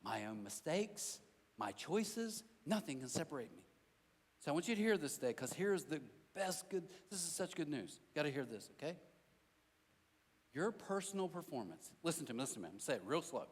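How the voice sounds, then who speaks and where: A man's voice: a little high, brisk, long reverb tail. A pastor preaching a sermon to his congregation, telling stories in a conversational way and driving points home with repetition. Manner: conversational storytelling, emphatic repetition. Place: church sanctuary.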